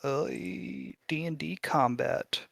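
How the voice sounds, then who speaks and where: A man's voice: a little high, takes it slowly, vocal fry, no echo. Casual male game master, swears often, dry close sound. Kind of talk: narrating a tabletop game.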